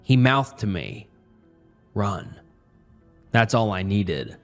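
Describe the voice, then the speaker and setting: Male horror narrator, scripted first-person reading, even pacing, faint backing music. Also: lowish voice, measured pace, gravelly.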